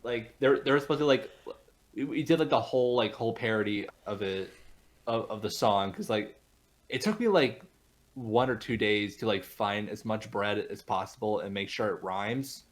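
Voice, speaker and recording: A man's voice: on the low side, normal speed. Rambling young man on a podcast. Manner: rambling with many restarts, laughs easily. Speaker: podcast guest, voice actor and show creator. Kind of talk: casual podcast interview.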